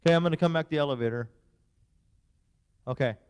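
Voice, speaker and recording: A man's voice: a little high, fast, smooth. A man, a youth pastor, hosting a game night for kids in a playful, teasing, bossy way. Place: church hall. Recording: long hall reverb.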